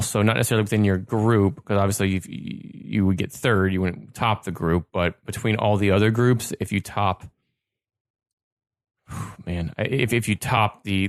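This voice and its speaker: A man's voice: lowish voice, no room sound, clean studio sound. A man hosting a casual sports podcast, loose and joking, with many restarts. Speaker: podcast host. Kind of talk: casual chat.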